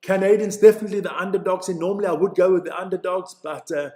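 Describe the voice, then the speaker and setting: Fast and high-voiced, a Swiss man calls a stream's action live in a chatty, excitable manner, with a reverberant sound. He stumbles over player names and reads the chat aloud.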